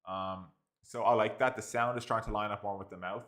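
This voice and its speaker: Rambling low-voiced Irish man. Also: steady tone, fairly quick, fairly bright tone. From Ireland. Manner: rambling, full of "like" fillers and restarts. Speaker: software reviewer. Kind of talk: casual spoken review.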